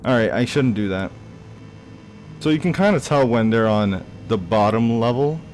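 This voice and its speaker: A man's voice: mid-range voice, lively intonation, normal speed, darkish tone, a little hiss or hum. A young man giving casual let's-play commentary on a horror game, reacting aloud with gasps and plenty of fillers. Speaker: gaming YouTuber.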